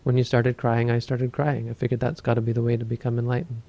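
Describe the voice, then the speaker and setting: A man's voice: medium pitch, flat delivery, fast, gravelly, warm tone, slight background noise, lightly acted. A man doing an eager young angel. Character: earnest male angel copying the teacher.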